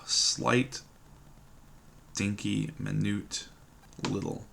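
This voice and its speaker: A man's voice: lowish voice, flat delivery, extremely slow, vocal fry, bright, forceful tone, slight background noise. A man thinking aloud while solving a word puzzle at his computer, musing and hesitant, trailing off and repeating words to himself. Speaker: puzzle game streamer.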